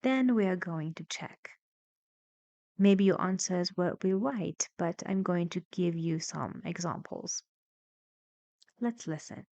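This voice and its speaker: In a video lesson, a woman English teacher walks through a listening exercise with a patient, encouraging manner, sometimes a little halting. Her voice sits fairly low with a dark tone, and there is no room sound.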